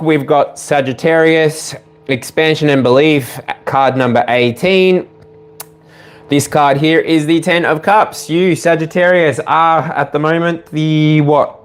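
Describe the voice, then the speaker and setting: An Australian man giving a casual tarot reading at home, rambling with many fillers and speaking straight to the viewer. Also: mid-range voice. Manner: loose and rambling, frequent fillers; direct second-person address to the viewer. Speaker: tarot reader.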